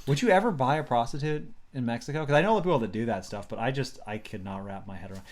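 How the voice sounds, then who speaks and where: A man's voice: mid-range voice, expressive, fast, darkish tone. A young man co-hosting a casual comedy podcast, rambling through stories with swearing, restarts and acted-out quotes. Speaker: podcast co-host.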